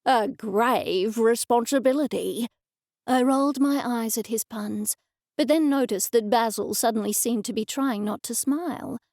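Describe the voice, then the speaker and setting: A woman narrating an audiobook in the first person with clear, even storytelling, on a close studio mic. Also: on the high side, normal speed, no room sound.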